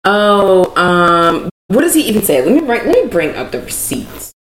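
A woman's voice: mid-range voice, sing-song, moderate pace. A woman co-hosting a podcast, telling a story animatedly, full of "like" fillers. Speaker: podcast co-host. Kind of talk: casual chat. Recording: echoey room with background hiss.

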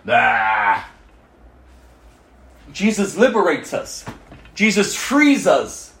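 A man preaching a sermon as pastor, emphatic, swinging from quiet asides to loud exhortation. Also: on the high side, huge pitch swings, very slow, vocal fry, echoey room.

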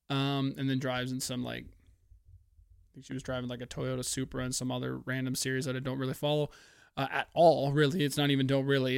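A man from Canada hosting a podcast, chatting casually in a profane, excitable, rambling way on a headphone-wearing podcast setup. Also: mid-range voice, clean tone, dry recording, clean studio sound. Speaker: podcast host. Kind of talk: casual chat. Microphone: headphones, podcast mic.

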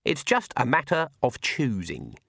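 A man reading an audiobook and voicing a stern, shrewd old witch woman who speaks in a dry, calm, cutting way. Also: mid-range voice, unhurried, gravelly, breathy edge, no room sound, exaggerated voice.

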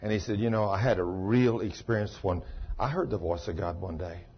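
A man's voice: lowish voice, a little fast, slight background noise. A man, a pastor preaching a sermon in a folksy way, exclaiming and acting out the dialogue of a story he retells. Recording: muffled lo-fi sermon tape.

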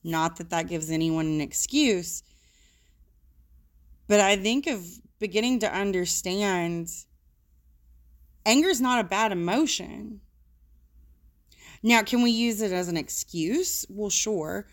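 A woman's voice: mid-range voice, slow, long pauses. A woman working as a social worker, talking frankly and casually about emotions, with the odd swear word.

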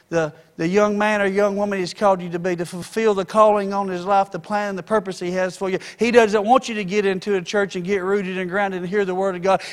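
A man preaching a fervent sermon, building to shouts. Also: high voice. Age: adult. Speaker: pastor.

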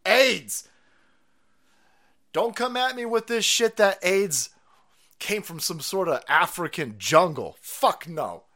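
A man's voice: high voice, lively intonation, slow pace, long pauses, bright, forceful tone. A man, a streamer delivering a foul-mouthed, incredulous conspiracy rant.

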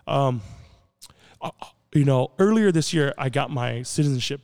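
A man's voice: mid-range voice, lively intonation, normal speed, a little mellow, clear, resonant tone. A man guest on a podcast, telling a personal story in an earnest, rambling way with lots of fillers. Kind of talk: casual storytelling conversation.

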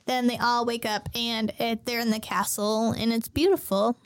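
High-voiced woman retelling a story. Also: moderate pace. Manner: animated storyteller, acts out characters, swears casually. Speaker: podcast co-host. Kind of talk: casual chat retelling an anime plot.

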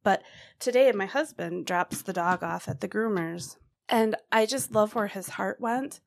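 Gravelly-voiced woman telling a story. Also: mid-range voice, a little slow. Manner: animated storyteller, laughs while telling. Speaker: podcast co-host. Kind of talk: casual chat.

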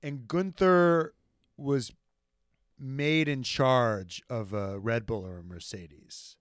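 A man's voice: mid-range voice, takes it slowly, clear, resonant tone, no room sound, clean studio sound. A man co-hosting a casual podcast chat, joking and swearing with frequent restarts. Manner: profane, joking, stumbling restarts. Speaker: podcast co-host.

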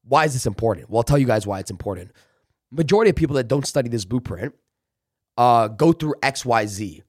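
A man's voice: mid-range voice, lively intonation, quick pace, no echo. Man, sales trainer, podcast guest, emphatic coaching delivery, dry close sound. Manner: emphatic, coaching, acts out pep talks. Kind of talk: casual interview talk. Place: office.

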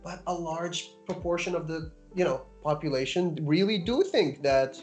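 A man from Iraq, a physician guest, telling stories in an animated, wry podcast chat. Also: on the high side, moderate pace, soft background music. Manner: animated storyteller with wry humor. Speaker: guest, physician and anatomy teacher.

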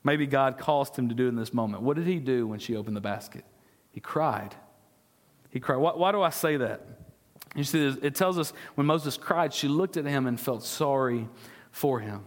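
This discipleship pastor speaks in a mid-range voice at a normal pace, his sermon echoing through the large hall of a church sanctuary. Earnestly questioning the congregation, he now and then stumbles on repeated words.

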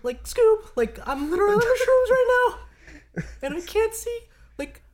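Man doing a goofy stoner cartoon buddy, pitched way up, giggly drawl. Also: big pitch swings, normal speed. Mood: tripping, giddy. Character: stoned, goofy young male cartoon sidekick.

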